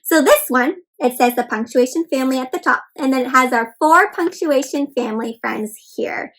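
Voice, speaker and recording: A woman's voice: sits high, moderate pace, a bit bright, rough recording. A woman hosting a children's read-aloud, teaching young kids in an encouraging sing-song way, often calling them friends. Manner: encouraging, repeatedly addresses listeners as friends; bouncy sing-song teacher delivery with counted prompts.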